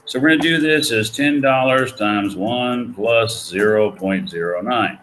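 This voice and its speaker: A man's voice: medium pitch, unhurried, fairly bright tone, slight background noise, rough recording. A man giving a recorded economics lecture, folksy and jokey, asking the class questions as he works through problems. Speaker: economics professor.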